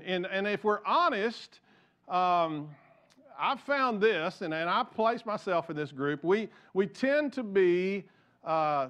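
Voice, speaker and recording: High-voiced man preaching a sermon. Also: a bit bright. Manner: conversational, repeats words, jokes with the congregation. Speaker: pastor. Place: church.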